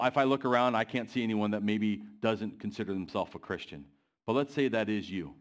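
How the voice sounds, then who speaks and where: A man delivering a sermon in a church, often pausing to put questions to the congregation. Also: medium pitch. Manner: asks the congregation questions, pacing varies. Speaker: preacher.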